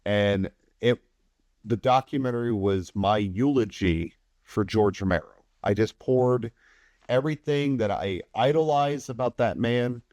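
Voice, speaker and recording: A man talking casually as a podcast guest, telling stories with lively energy and slipping into other people's voices as he quotes them. His voice sits at an ordinary pitch, and the sound is dry and close, with no room echo. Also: measured pace. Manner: animated, acts out other people's remarks, swears casually. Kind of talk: casual anecdotal storytelling.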